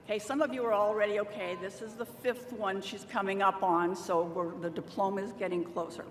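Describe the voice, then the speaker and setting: A woman's voice: medium pitch, steady tone. A middle-aged woman, a university staff member, giving a motivational commencement address from a podium microphone and drawing cheers from the audience. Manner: deliberate, motivational, rallies the crowd for call-and-response cheers. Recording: roomy hall with long reverb, faint noise.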